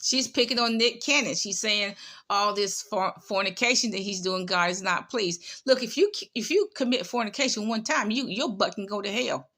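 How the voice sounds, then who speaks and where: A woman talks through her commentary in a bright, forceful voice. She is sarcastic and scolding, hammering her points home by saying them twice. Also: mid-range voice, moderate pace. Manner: sarcastic, scolding, repeats herself. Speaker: commentator on online prophets. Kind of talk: casual commentary.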